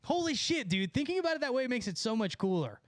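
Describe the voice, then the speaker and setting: A young man rambling excitedly to his chat during a casual livestream, profane and full of filler words. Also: very high-pitched, quick pace, dry recording, clean studio sound. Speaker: musician streaming to chat.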